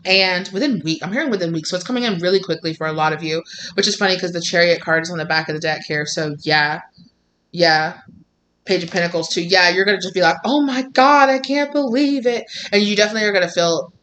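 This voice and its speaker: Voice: medium pitch, steady tone, quick pace, sharp tone, slight background noise. A tarot reader channeling a reading for viewers in a loose, rambling way, full of "like" and acted-out snippets of the people in the cards. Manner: rambling, lots of "like", acts out voices of the people in the reading.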